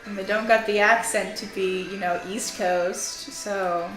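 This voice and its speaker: A woman's voice: medium pitch, fairly even intonation, measured pace, a bit bright. A young woman from Canada chatting casually while gaming, rambling and giggling, with lots of "like.". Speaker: co-host. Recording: echoey room. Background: game music.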